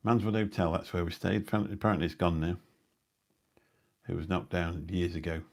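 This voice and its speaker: In a brisk, low, gravelly voice with little pitch movement, a middle-aged man chats on his live stream from home. He tells rambling anecdotes with dry asides in casual talk, captured by a new phone or mic on a live stream.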